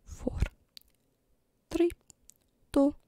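A woman's voice: very slow, dark tone, no echo. A woman whispering through a live stream, giggly and self-deprecating as she chats. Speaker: ASMR streamer.

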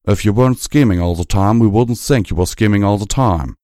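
A man's voice: on the low side, brisk, a little mellow, no room sound, studio quality, lightly acted. A man voicing a fiery, blunt farm pony mare who speaks in a brash, pushy way. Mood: agitated.

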